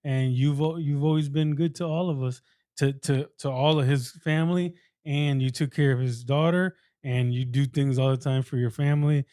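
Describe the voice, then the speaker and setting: Male podcast host, mellow dark tone, dry close mic, gentle affirming listener. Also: mid-range voice, steady tone, moderate pace, no room sound. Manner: soft affirming interjections. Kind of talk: interview.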